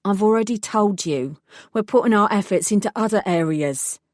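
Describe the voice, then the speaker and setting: A woman voicing a gruff, weathered woman who curtly turns away a pestering man. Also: medium pitch, normal speed, no echo, clean studio sound, natural voice. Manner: tired, curt, dismissive. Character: gruff weathered woman guarding a gang boss.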